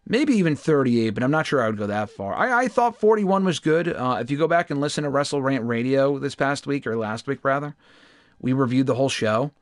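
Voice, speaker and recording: A man's voice: medium pitch, animated, brisk, no room sound. A young man hosting a game livestream, chatting casually with viewers and swearing in frustration at the game. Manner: chatty, profane, erupts into loud frustrated outbursts. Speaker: gaming livestream host. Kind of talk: casual livestream commentary while playing.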